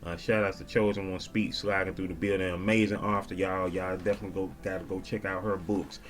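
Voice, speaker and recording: A man vlogging casually, shouting out viewers and reading their comments in a slangy, laid-back way. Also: deep voice, level tone, fairly quick. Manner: slangy and laid-back, peppered with "you dig". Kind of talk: casual chat.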